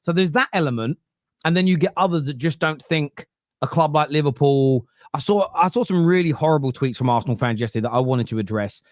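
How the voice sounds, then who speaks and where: A man's voice: mid-range voice, no room sound, studio quality. A man on a football podcast panel, arguing earnestly and emphatically, often restarting his sentences. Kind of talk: casual football debate.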